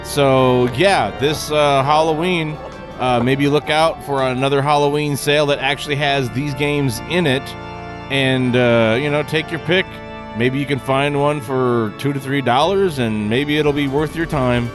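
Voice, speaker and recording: A man's voice: medium pitch, fairly even intonation, a little slow, over music. A man hosting a video that reacts to game trailers, ranting in exasperation and swearing freely. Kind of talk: casual reaction commentary.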